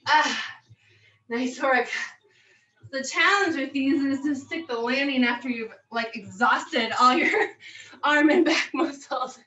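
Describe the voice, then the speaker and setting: A woman's voice: sits high, slow pace, pauses often, sharp tone, echoey room. A young woman coaching a home workout, out of breath and encouraging, cheering between sets. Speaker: fitness instructor. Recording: dull lo-fi audio with faint music.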